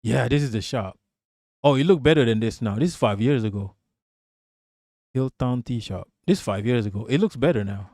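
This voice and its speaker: Profane, animated male streamer, dry sound. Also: mid-range voice, moderate pace, dry recording. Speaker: livestream host. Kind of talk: casual livestream chat.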